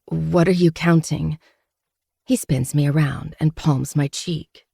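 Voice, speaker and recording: A woman's voice: sits low, steady tone, slow, vocal fry, warm tone, breathy edge, no echo, clean studio sound. A woman narrating a first-person novel with dramatic storytelling.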